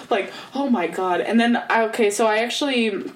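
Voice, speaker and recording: A young woman co-hosting a casual podcast chat, excitable and quick to laugh, with a bit of swearing. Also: fairly high pitch. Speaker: podcast co-host. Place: room at home, recording remotely.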